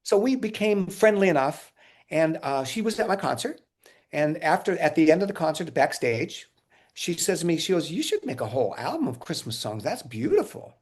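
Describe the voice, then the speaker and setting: A man being interviewed, telling casual stories in an animated way, acting out quotes and often laughing. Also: a little high, moderate pace. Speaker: interview guest, musician.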